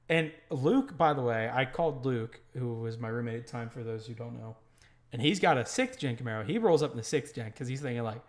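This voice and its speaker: Profane, animated podcast storyteller man. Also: mid-range voice, brisk. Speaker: podcast host. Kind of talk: casual storytelling chat.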